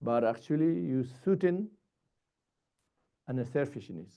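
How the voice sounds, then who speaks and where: Slow-spoken male Buddhist teacher, halting. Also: mid-range voice, expressive, gravelly, dark tone. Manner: halting, repetitive phrasing with short broken sentences. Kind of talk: dharma teaching.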